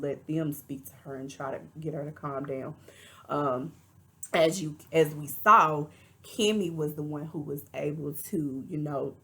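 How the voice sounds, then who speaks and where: A chatty woman with a Texas drawl talks straight to her viewers and reviews a reality show episode in a loose, opinionated vlog style. Her voice sits very low and has a gravelly, fry-heavy edge. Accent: Texan. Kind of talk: casual vlog commentary.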